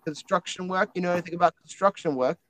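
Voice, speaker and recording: A man's voice: sits high, fast talker, fairly bright tone, voice pushed up, poor audio. A man voicing a male spirit trapped in a talking book, stammering and calling everyone mate. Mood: chummy.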